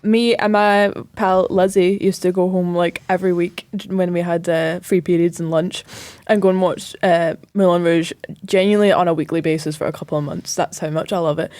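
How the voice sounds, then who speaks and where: A woman's voice: on the low side, fairly even intonation, brisk, hardly any pauses, darkish tone, no room sound. A Scottish woman in her thirties co-hosting a podcast, chatting eagerly in a casual way. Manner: enthusiastic, chatty. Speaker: podcast co-host. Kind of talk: casual chat.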